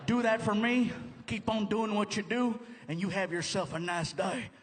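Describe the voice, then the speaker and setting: A man voicing a veteran male highway cop who is calm and amused, in a low, slow, laid-back drawl, recorded live on stage with hall reverb. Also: close to an everyday voice. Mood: easygoing.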